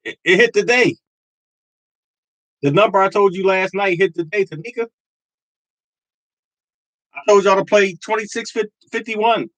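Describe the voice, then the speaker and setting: High-voiced man pitching lottery tips. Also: moderate pace, a bit bright, dry recording, rough recording. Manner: emphatic and repetitive, preaching conviction. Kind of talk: live stream talking to chat.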